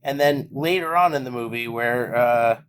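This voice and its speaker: A man's voice: mid-range voice, moderate pace, a bit bright, slight background noise. A man co-hosting a podcast, giving blunt, profane opinions on a movie in casual chat. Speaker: podcast co-host.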